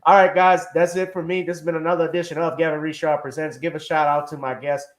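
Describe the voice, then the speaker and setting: A man's voice: fairly high pitch, little pitch movement, quick pace. A man hosting a live-stream talk show, chatting casually and joking as he wraps up. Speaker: host.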